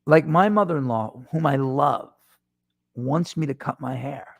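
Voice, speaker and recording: A middle-aged man hosts his own podcast, speaking to listeners into a microphone in front of him in a casual solo monologue. His mid-range voice is gravelly and a little slow, with no echo. He rambles and pokes fun at himself, restarting often.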